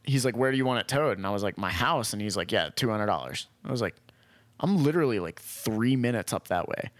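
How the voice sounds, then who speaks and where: Young guy rambling through a story, swears a lot, lowish voice, dry close mic. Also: quick pace, a bit bright, dry recording. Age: young adult. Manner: rambling, swears freely, acts out quotes. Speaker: storyteller in casual chat. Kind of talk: casual chat.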